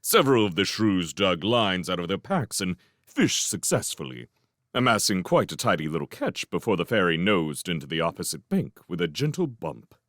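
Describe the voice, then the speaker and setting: A man narrating a storybook with an expressive, lively delivery. His voice is fairly low and moves widely in pitch. The recording is dry and close. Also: moderate pace, no room sound. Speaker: audiobook reader.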